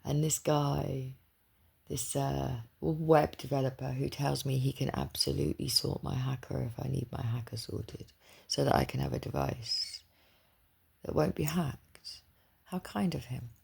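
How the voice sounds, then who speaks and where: A woman tells a personal story in a chatty, digressive way, wandering off on tangents as she goes. Her voice is heavily gravelly, full of fry. It also has a husky, raspy edge. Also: a bass voice, steady tone, measured pace, darkish tone. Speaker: spiritual reader.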